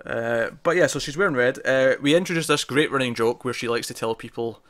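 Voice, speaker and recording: A man's voice: mid-range voice, brisk, a bit bright. A man co-hosting a casual TV review discussion, chatty, with many fillers and restarts. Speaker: podcast co-host.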